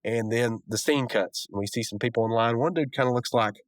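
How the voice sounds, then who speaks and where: A male podcast host with a mid-range voice speaks briskly on a dry recording. He casually recaps a cartoon episode, rambling into asides, chuckling, and using lots of fillers.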